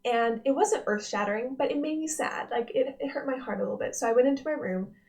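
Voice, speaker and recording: A woman's voice: high-pitched, fast talker. Earnest young woman sharing a devotional. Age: young adult. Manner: earnest, reflective, gentle, with frequent restarts. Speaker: devotional vlog host, nursing student. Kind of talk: personal devotional vlog.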